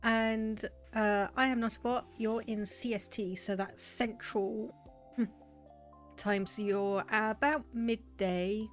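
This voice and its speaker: A woman's voice: fairly high pitch, steady tone, takes it slowly, faint music behind. A young British woman chatting casually with her live viewers while loading a game, laughing often and thinking aloud. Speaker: game streamer. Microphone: desk microphone.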